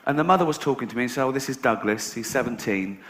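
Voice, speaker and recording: A man performing a stand-up comedy routine to a live audience, with a sarcastic, deadpan delivery broken by loud outbursts. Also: mid-range voice, quick pace. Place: large venue with audience. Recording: echoey live venue, audience noise. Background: audience laughter.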